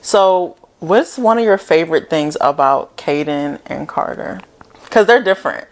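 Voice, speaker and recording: Lady host with a really low voice, lots of "mm-hmm", keeps things going. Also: lively intonation, unhurried. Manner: supportive, frequent affirming "mm-hmm". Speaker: podcast host. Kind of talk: interview.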